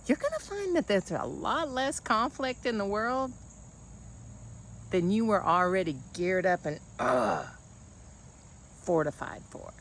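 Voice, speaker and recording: A woman's voice: on the low side, slight background noise. A woman coaching in a casual motivational monologue, blunt and folksy, calling the listener honey.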